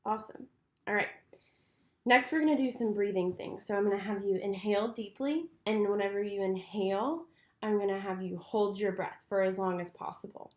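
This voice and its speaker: A woman acting as a clinician, patiently walking someone through a speech exam step by step. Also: medium pitch. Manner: encouraging, patient. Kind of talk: giving step-by-step instructions.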